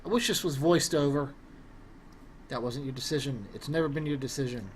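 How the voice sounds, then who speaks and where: A man's voice: mid-range voice, a little fast, a little hiss or hum, lightly acted. A man voicing a fierce female spirit who shares a wizard's body, speaking scornfully in old-fashioned phrasing.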